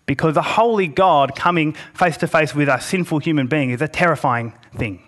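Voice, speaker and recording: A man preaching a sermon, earnest, slowing down to press each point and reading passages aloud. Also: fairly high pitch, animated, fairly bright tone. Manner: earnest, slows for emphasis and reads scripture aloud.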